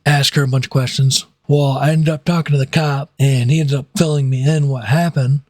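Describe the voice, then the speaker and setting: A young man in his twenties spins a casual storytime at a middle pitch, rambling with frequent fillers and self-corrections. He slips into a higher voice when he quotes people. The sound is close and dry, with no room behind it. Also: a little mellow, dry recording.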